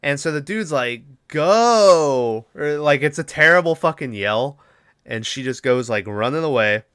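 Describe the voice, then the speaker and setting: A man's voice: mid-range voice, normal speed, pushed and bright, clean tone, no room sound, studio quality. A young man co-hosting a podcast, rambling through a movie plot with lots of swearing and fillers. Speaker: podcast co-host. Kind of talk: casual movie recap chat.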